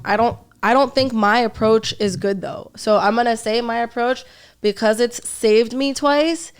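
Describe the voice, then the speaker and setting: Brief: woman comedian guest, smooth clear voice, lively and profane storyteller. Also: medium pitch. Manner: lively storyteller, curses freely. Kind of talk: casual podcast storytelling.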